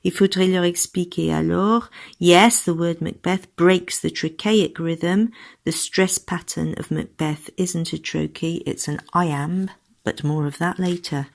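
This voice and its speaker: Woman, low-ish voice; teacher-trainer reading lesson steps and English sample answers. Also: fairly even intonation, a little slow, vocal fry. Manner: switches between French instructions and read English model answers. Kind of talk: recorded lesson guidance.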